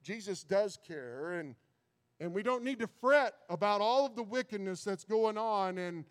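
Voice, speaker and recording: A man's voice: high voice, normal speed, clean tone. A man preaching a sermon who stumbles and repeats words, building into fervent preaching.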